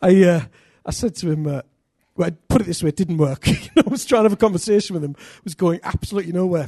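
A middle-aged man from England, preaching a sermon full of personal stories, energetic and self-deprecating with bursts of loud emphasis. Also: high-pitched, fast, few pauses, husky, no room sound, clean studio sound.

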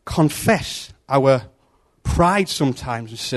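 Man, informal preacher, conversational storyteller; lively, slightly high voice. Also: normal speed. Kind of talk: informal devotional talk.

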